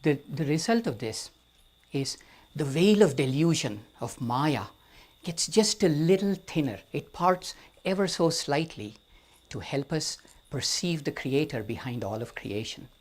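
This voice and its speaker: A man from India with an Indian accent, telling a story to a live audience in an amphitheater, speaking slowly and deliberately with wry humor. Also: on the high side, expressive. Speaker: guest storyteller.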